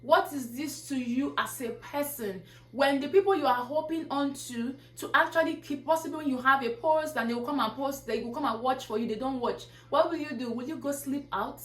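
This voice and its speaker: A woman vlogger delivers an earnest pep talk, firing rhetorical question after question at her viewers. Her voice sits a little high. The room around her is echoey. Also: a little fast, hardly any pauses. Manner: preachy, repeats rhetorical questions. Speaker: YouTuber giving motivational talk. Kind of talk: casual motivational vlog.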